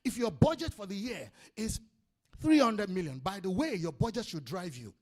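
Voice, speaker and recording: A man with a Nigerian accent giving an energetic business seminar talk, calling out to the audience and repeating his points. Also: high voice, normal speed. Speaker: business speaker. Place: conference hall before an audience.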